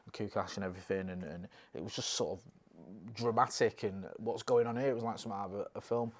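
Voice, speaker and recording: A man's voice: fairly low pitch, quick pace. A man, a podcast co-host and former local radio reporter, chatting casually and acting out quotes as he tells stories. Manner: animated storyteller who acts out quotes. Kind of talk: casual chat.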